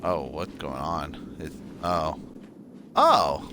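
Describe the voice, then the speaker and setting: A man's voice: extremely low pitch, huge pitch swings, drawn-out words, bright, forceful tone, a little hiss or hum. A man streaming a video game, muttering commentary to himself, with occasional swearing and sudden outbursts. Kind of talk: gameplay commentary.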